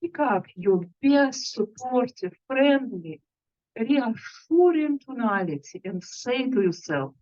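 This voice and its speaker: Woman leading self-hypnosis breathing, high lively voice, slow pace, dull lo-fi sound. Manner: animated, leads breathing exercises. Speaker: hypnotist and workshop speaker. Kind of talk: guided self-hypnosis talk.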